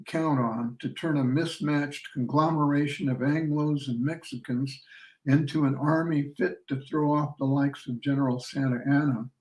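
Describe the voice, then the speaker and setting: Slow, roomy-sounding man reading aloud. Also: fairly high pitch, a little mellow. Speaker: author. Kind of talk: reading his novel aloud. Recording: roomy sound from a distant mic.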